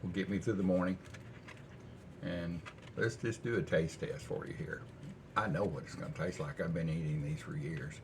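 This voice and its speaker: Older man, very deep voice, folksy and easygoing, rambling cooking-vlog chat, home kitchen, faint background noise. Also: steady tone, normal speed.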